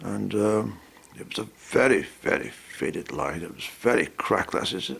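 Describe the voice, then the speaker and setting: A man's voice: fairly low pitch, moderate pace, vocal fry, fairly bright tone, breathy edge. A man telling a meandering story and acting out both sides of the conversation. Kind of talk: rambling spoken anecdote.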